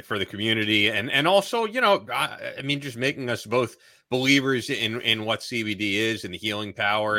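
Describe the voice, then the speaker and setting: A man's voice: on the low side, bright, forceful tone, dry recording. A man co-hosting a podcast, explaining things earnestly in casual chat. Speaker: podcast co-host.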